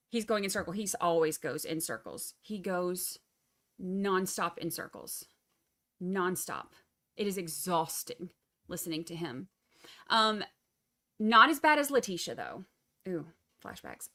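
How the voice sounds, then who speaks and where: A woman's voice: medium pitch, expressive, measured pace, pushed and bright. A woman, casually recapping a trial for livestream viewers with sarcastic asides. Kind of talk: casual live commentary.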